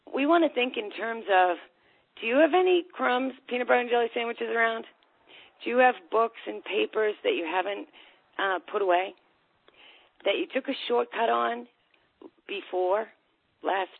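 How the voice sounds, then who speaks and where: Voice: mid-range voice, creaky, dry recording. A time management coach teaching on a group call, telling a story and acting out short quoted exchanges. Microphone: phone or call line. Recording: dry, tinny phone line.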